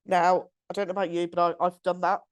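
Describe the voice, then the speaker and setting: A woman's voice: lowish voice, little pitch movement, fast talker, clean tone. A woman, co-hosting a podcast and reading out a listener's story in a chatty, giggly way. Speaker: podcast co-host.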